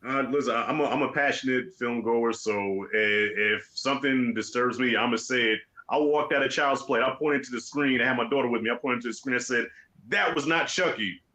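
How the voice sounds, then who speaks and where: Bright-voiced, blunt, opinionated man. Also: mid-range voice, fairly even intonation, brisk, few pauses, low-quality recording. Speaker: show host. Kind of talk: casual film discussion.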